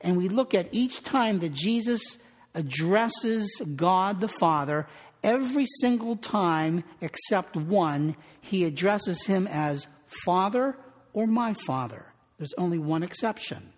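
A man's voice: sits high, lively intonation, slow pace. A man preaching a sermon in an earnest way, repeating phrases for emphasis. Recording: long reverb of a large hall.

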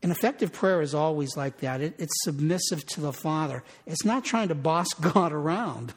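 A man's voice: fairly high pitch, lively intonation, moderate pace, few pauses, breathy edge. A man preaching a sermon in an earnest way, repeating phrases for emphasis. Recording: long reverb of a large hall.

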